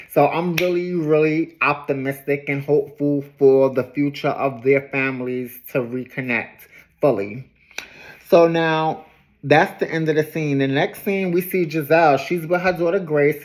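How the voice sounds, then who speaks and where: A woman's voice: low voice, low-quality recording. A woman giving a casual, chatty recap of a reality show, laughing easily and drifting off on tangents. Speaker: TV recap host.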